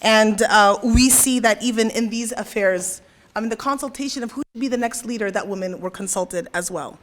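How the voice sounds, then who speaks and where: A woman's voice: a little high, fairly quick. A young woman giving a religious lecture at a convention, telling a story and often checking in with "right?". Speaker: convention speaker.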